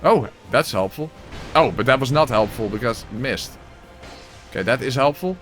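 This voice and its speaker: Guy narrating his gameplay, middle-pitched voice, exclaims a lot, cusses, wry little asides. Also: lively intonation, normal speed, a bit bright, soft background music. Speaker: gameplay commentator. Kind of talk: casual gameplay commentary and voice-over narration.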